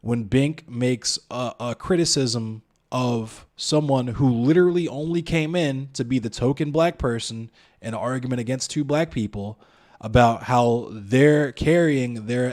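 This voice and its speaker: A man's voice: mid-range voice, measured pace, a little mellow. Blunt, profane male streamer ranting. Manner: profane, blunt, addresses chat and viewers directly; argumentative, rhetorical questions. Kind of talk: heated live-stream commentary.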